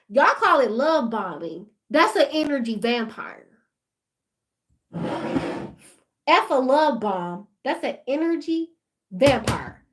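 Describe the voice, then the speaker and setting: High-pitched woman ranting to her viewers, laughs a lot. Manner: animated, laughing, talks straight to viewers. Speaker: vlogger. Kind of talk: casual storytime rant.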